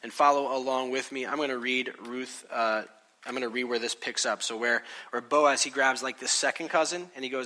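A man's voice: medium pitch, fairly even intonation, a little fast, sharp tone. A man in his thirties preaching a sermon to a congregation, telling stories in a conversational way and acting out quotes. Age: 30s. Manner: conversational, storytelling with acted-out quotes. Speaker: pastor. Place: church hall with congregation.

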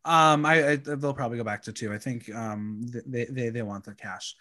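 A man's voice: mid-range voice, normal speed, sharp tone. A man hosting a casual podcast chat, reading news items and adding his own asides. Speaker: host.

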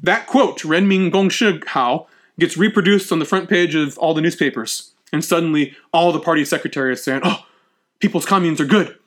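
A man with a high-pitched voice lecturing on history. He talks animatedly, slips into acted-out quotes, and often stumbles and restarts mid-phrase. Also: normal speed.

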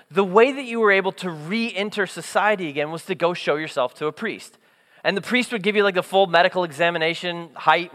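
A young man preaching a sermon as pastor, telling the story in an animated way and acting out the voices of the people in it. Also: high voice. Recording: long hall reverb.

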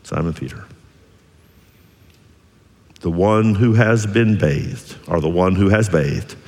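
A man voicing a gentle, compassionate adult teacher, speaking low and softly, during a sermon. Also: takes it slowly, in a large hall. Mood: tender.

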